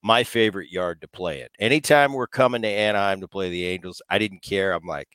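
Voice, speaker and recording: A male host and former ballplayer chatting casually and reminiscing in a relaxed way. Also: low-pitched, brisk, clear, resonant tone, no echo. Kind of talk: casual interview chat.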